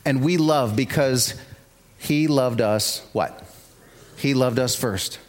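A man's voice: mid-range voice, takes it slowly. A man preaching a sermon as pastor, telling stories with rising energy. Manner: animated storytelling, builds to shouts.

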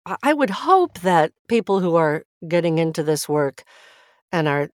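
A woman with a notably low voice speaks in a podcast interview about narration, animated and quick to laugh. Her sound is close and dry, with no room around it. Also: dry recording. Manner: animated, laughs often, restarts phrases. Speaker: audiobook narrator and acting teacher.

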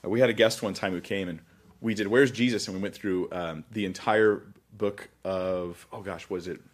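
A pastor with a somewhat low voice leads a Bible study in a loose, talkative way. He jokes at his own expense and laughs often as he goes through the passage. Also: steady tone, moderate pace. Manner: chatty, self-deprecating, laughs often. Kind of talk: conversational Bible teaching.

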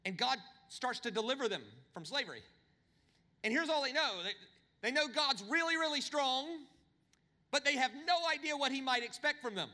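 Man, pastor, lively humorous sermon, high-pitched, long hall echo. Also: normal speed. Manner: animated, humorous storytelling with big pitch swings.

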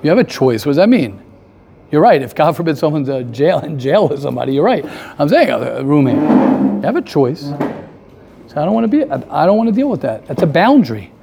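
A man teaching a casual class, animated, firing rhetorical questions and repeating his points. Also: a little high, a little fast, gravelly, noisy background. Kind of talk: casual lively classroom talk.

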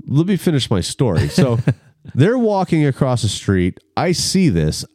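A man telling a story in a casual chat, animated and acting out the people in it. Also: medium pitch, unhurried, no echo, studio quality.

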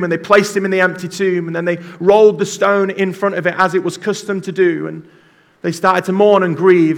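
A male pastor preaching a sermon, retelling a story in an animated way and calling on the congregation to join in. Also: high voice, vocal fry.

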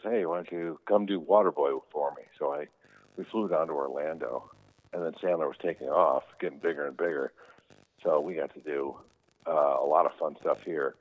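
A man, an actor, telling easygoing, rambling anecdotes as an interview guest, with many fillers. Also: extremely low pitch. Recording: tinny phone-like sound.

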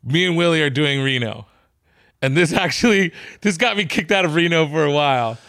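A man's voice: on the high side, a little fast, gravelly, dry recording. A man hosting a casual podcast, telling a profane comedy-club story and acting out the quotes. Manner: animated, profane, acts out quotes.

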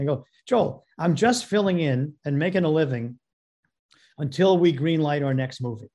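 Animated man retelling a story, slightly high voice. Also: moderate pace. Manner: animated retelling that acts out both sides of phone calls. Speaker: film producer and director telling a story as a guest. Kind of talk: storytelling anecdote.

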